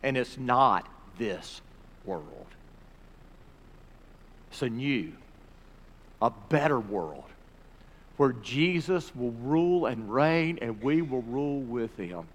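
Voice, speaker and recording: A man pastor preaching a sermon, rising to emphatic peaks and dropping to quiet, earnest pleas. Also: mid-range voice, expressive, takes it slowly. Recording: reverberant hall recording.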